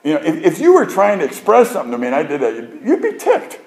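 A male preacher giving a sermon in an animated, joking, emphatic storytelling manner. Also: on the high side, very fast, poor audio.

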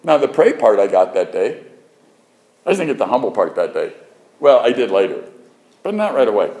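A man's voice: on the low side, very animated, moderate pace, long pauses, darkish tone. A man preaching a sermon in a conversational way, with frequent restarts, building to emphatic points. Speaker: preacher and radio host.

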